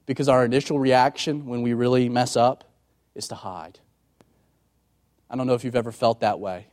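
A man preaching a sermon as a pastor, moving from loud emphatic passages to quiet, hushed ones and acting out voices in quoted dialogue. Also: steady tone, moderate pace. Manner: dramatic, sweeping from loud emphatic highs to hushed tones.

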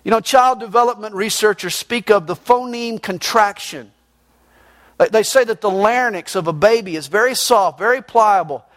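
A man in middle age preaching with emphatic force. His voice sits high for a man, and he moves between loud declarations and low, quiet points. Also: moderate pace. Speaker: pastor. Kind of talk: sermon.

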